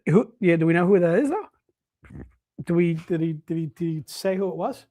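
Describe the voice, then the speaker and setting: A man's voice: a little high, lively intonation, normal speed, dark tone. Dude-saying guy running a live collectibles sale, chatty and upbeat. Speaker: livestream sales host. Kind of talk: casual live sales patter.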